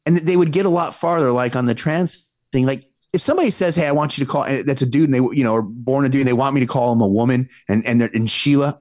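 A man's voice: quick pace, darkish tone, dry recording. Opinionated male co-host, dry close sound. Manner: opinionated, jumps up in pitch when worked up. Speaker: podcast co-host. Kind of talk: casual live-stream chat.

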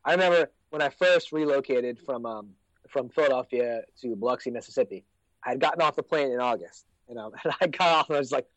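An American man telling stories in a casual chat, laid-back and profane, often trailing off into low asides. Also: fast, a bit bright, no room sound. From United States. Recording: dry, dull lo-fi sound.

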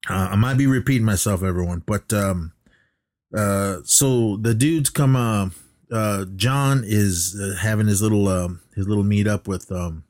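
A man's voice: lowish voice, unhurried, a little mellow, no room sound, clean studio sound. A man co-hosting a podcast, recapping a movie in a casual, rambling way with lots of fillers and restarts, coughing now and then. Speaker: podcast co-host.

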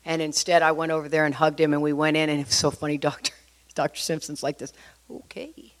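A middle-aged woman telling a personal recovery story to an audience, in a lively, confiding way that speaks straight to her listeners. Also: deep voice, fast talker, slight background noise.

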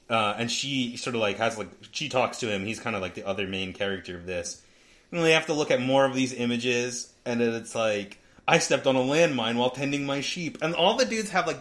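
Man, mid pitch, relaxed talker, retells scenes with little laughs, casual podcast chat. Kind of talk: casual book discussion.

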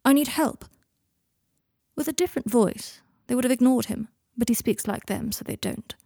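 A woman reading fan fiction aloud as an audiobook, in an even, measured narration. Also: on the high side, creaky, no room sound, studio quality.

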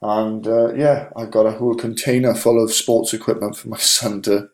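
A man's voice: on the low side, level tone, moderate pace, a little mellow. A middle-aged man hosting a podcast, chatting casually with lots of fillers and restarts. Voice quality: rambling, with many fillers and restarts. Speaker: podcast host. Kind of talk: casual chat.

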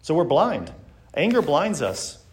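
A man's voice: a little high, huge pitch swings, slow. A man giving a church Sunday school lesson, speaking earnestly and reading scripture aloud with emphasis.

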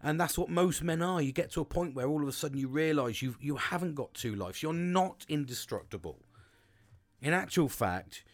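A man's voice: on the high side, animated, normal speed. A middle-aged man, hosting his own podcast from his home cabin. He swears a lot and rambles with many restarts. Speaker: podcast host. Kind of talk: casual solo podcast monologue. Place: home log cabin studio.

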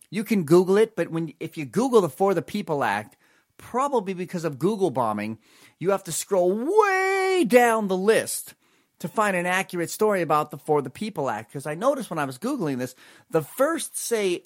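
Man, political commentary host, lively swooping pitch, emphatic and sarcastic.

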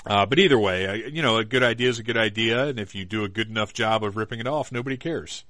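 Low-voiced man in dry casual chat. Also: fast talker, no echo. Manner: relaxed, rambling, thinks aloud with fillers. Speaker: podcast co-host. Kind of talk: casual film discussion.

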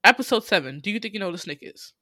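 Animated podcast host, bright dry sound. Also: mid-range voice, rapid-fire, no room sound. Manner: animated retelling, acts out characters' lines, frequent laughs and swearing. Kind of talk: casual recap chat.

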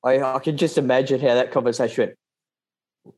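A man's voice: medium pitch, fairly even intonation, fairly quick, long pauses, a little mellow. A man co-hosting a podcast, joking and teasing his guest in casual chat. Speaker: podcast co-host.

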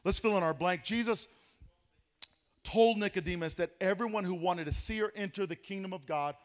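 Male pastor, high-pitched, animated Bible study teacher with rhetorical questions. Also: moderate pace. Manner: animated, asks rhetorical questions, dramatic drops to a hush.

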